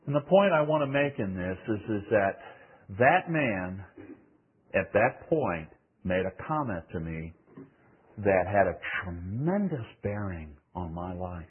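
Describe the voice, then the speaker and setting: An older man preaching, telling a story from his youth in an animated voice that swings between loud and hushed. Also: low voice, unhurried, slightly rough. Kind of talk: sermon testimony. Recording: tinny phone-like sound.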